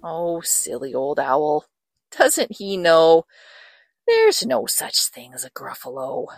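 A woman reads a children's picture book aloud, slow and unhurried, with her pitch rising and falling wildly in a sing-song way. The sound is dry and close, with no room echo. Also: big pitch swings. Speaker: storyteller.

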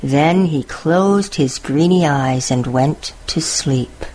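A woman storyteller reading picture books aloud in a slow, expressive way. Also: sits low.

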